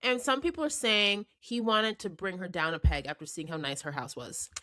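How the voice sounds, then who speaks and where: A woman's voice: mid-range voice, moderate pace, dry recording, clean studio sound. A young woman co-hosting a podcast, chatting casually about a reality show and acting out quotes in a mocking voice. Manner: animated, acts out quotes in a mocking voice. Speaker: podcast co-host. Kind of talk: casual reality TV recap chat.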